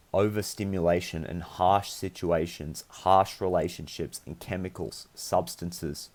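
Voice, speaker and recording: A man's voice: low-pitched, a little mellow. Earnest young man giving a spiritual tarot reading. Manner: earnest, meandering, encouraging. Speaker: tarot reader.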